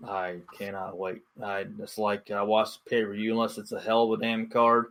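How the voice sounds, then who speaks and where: Excitable young man rambling casually. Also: fairly low pitch, normal speed. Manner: excitable, rambling, lots of fillers and laughter. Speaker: podcast co-host. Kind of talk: casual chat.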